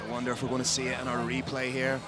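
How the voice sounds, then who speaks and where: A man's voice: medium pitch, completely flat delivery, rapid-fire, over loud music. A man giving live fight commentary, breaking down technique and tactics as the action unfolds. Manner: analytical, explains technique and tactics. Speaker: MMA commentator. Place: open-air arena event. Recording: loud arena crowd behind.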